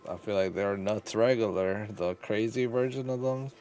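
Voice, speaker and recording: A man's voice: on the low side, normal speed, darkish tone, slight background noise. A man chatting casually while gaming on a stream, making blunt, reactive remarks. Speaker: gamer on a stream.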